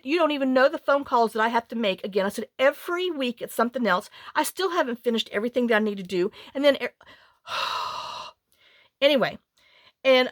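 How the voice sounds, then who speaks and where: A woman's voice: on the high side, dry recording, studio quality. A middle-aged woman, chatting and rambling through a story as a craft channel host. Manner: rambling, animated, with many restarts and quoted dialogue.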